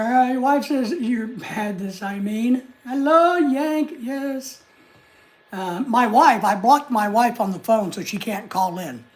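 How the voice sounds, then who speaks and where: A very high-pitched, slightly mellow male voice belongs to an American livestream host. Sitting at his home desk in the United States, he chats casually, reading out viewer comments and greeting the people who wrote them.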